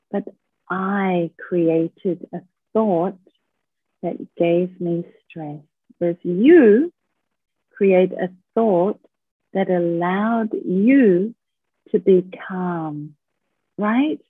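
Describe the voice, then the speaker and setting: A woman leading a workshop on stress. She talks calmly and patiently and often checks in with her listeners. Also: mid-range voice, husky, dry recording. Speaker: workshop speaker. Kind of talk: slow, gentle talk on managing stress. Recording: tinny phone-like line.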